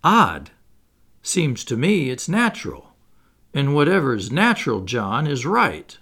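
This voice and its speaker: Guy reading eager posh young fellow, bit pompous, lively up and down voice. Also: mid-range voice, slow pace, full character voice. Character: young male aristocrat, cheerful, eager, boyish.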